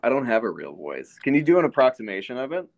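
A man co-hosting a podcast in casual chat, with dry, wry humor and quick laughs. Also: mid-range voice, very animated, gravelly, no room sound. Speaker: podcast co-host.

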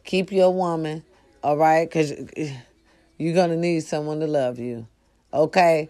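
A woman vlogger talking straight to her followers in a casual, preachy, profane monologue that swings from low murmurs to loud outbursts. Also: steady tone, unhurried. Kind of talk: casual direct-to-camera monologue.

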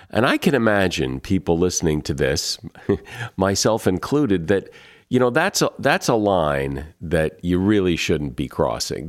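A male host asking thoughtful, slightly hesitant questions in a conversational interview. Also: low voice.

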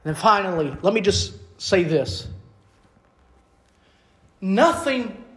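A man preaching a sermon as an evangelist, fervent, rising to loud bursts and then dropping soft. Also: high voice, lively intonation, slow. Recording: echoey room.

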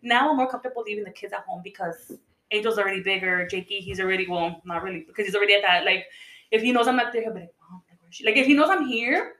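Chatty woman in her thirties, fast and casual, code-switching, echoey room. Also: mid-range voice, fairly bright tone. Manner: chatty, says "like" a lot, mixes in Spanish. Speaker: podcast co-host. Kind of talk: casual chat.

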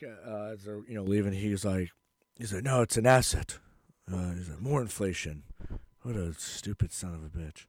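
A man co-hosting a podcast in loose, crude banter. He rambles, swears freely and breaks into laughs. The sound is close and completely dry, with no room echo. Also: medium pitch. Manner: profane, rambling, laughs often. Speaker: podcast co-host.

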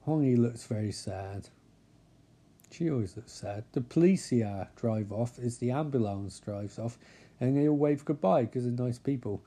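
Mellow-voiced man, sarcastic recap. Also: mid-range voice, normal speed. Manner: deadpan, mocking, profane asides. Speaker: comedic recap narrator.

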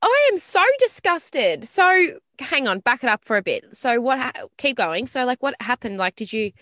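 A woman's voice: on the high side, brisk, bright, forceful tone, no echo, studio quality. A young woman co-hosting a podcast, telling stories in casual chat with lots of laughter and swearing. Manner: giggly, self-deprecating, swears freely. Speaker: podcast co-host.

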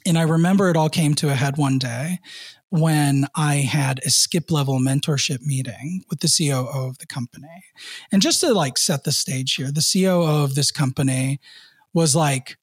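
A man in his thirties, co-hosting a podcast, telling a personal work story in an earnest way, with many fillers and soft laughs. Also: fairly high pitch, moderate pace, breathy edge, no echo, studio quality. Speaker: podcast co-host.

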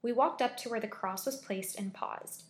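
A woman reading a scary story aloud with steady, measured storytelling. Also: fairly high pitch. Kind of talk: scripted horror story narration.

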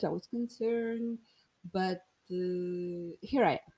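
A woman's voice: a little high, fairly even intonation, very slow, mellow, breathy edge. A woman in her thirties from Portugal with a Portuguese accent, hosting a solo podcast in a playful, rambling, self-mocking way. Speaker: podcast host.

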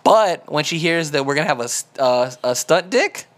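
Slightly high-voiced male host, casual and animated, laughs a lot. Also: normal speed. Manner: animated storyteller who laughs often. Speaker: podcast host. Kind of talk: casual comedic chat.

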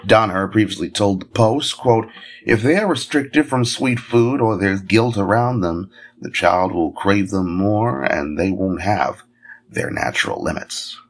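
A man's voice: fairly low pitch, unhurried. A man hosting a news podcast, reading stories with chatty, jokey asides. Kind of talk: casual news commentary.

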